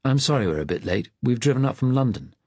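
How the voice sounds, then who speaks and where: A man's voice: medium pitch, lively intonation, quick pace, darkish tone, breathy edge, dry recording, voice pushed up. A man voicing a man on a secret visit who speaks carefully and politely.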